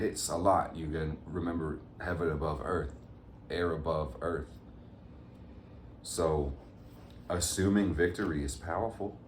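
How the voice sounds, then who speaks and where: A tarot reader with a very deep voice gives his viewers a casual, upbeat reading loaded with motivational pep talk, calling them "fam" and "gang." The recording is reverberant with slight background noise.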